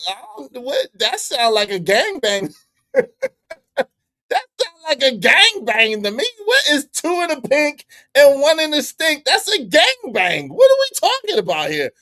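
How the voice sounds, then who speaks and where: Incredulous laughing reaction streamer, lively pitch. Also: male voice. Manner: loud incredulous repeated questions, frequent laughing. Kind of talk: casual reaction commentary.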